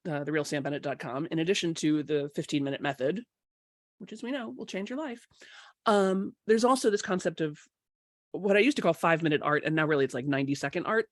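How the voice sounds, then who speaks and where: A woman coach hosting a live online workshop, her voice a little rough from a cold, chatting casually and slowing down to guide breathing. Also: fairly low pitch, no echo, clean studio sound.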